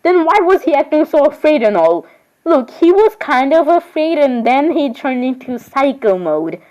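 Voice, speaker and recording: With big swings in pitch, a woman's high, mellow voice brings every doll to life in her homemade, improvised role-play. She talks on in a chatty, rambling way at a moderate pace, breaking into sudden surprised squeals, all in lo-fi sound.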